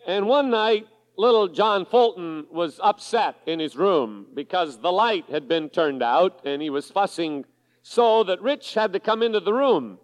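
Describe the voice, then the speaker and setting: A man with a high voice preaches slowly and deliberately, giving each phrase room. He reads scripture to his congregation and then explains it. The 1980s recording carries the long reverb of a large church sanctuary. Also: expressive. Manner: measured preaching, reading scripture aloud to a congregation. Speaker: pastor. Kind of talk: sermon.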